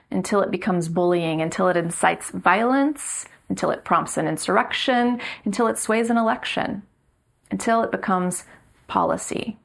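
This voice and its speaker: A middle-aged woman delivers a sermon, earnest and measured. She leans into slow, emphatic repetition, and her mid-pitched voice carries a gravelly fry. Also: a bit bright. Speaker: pastor.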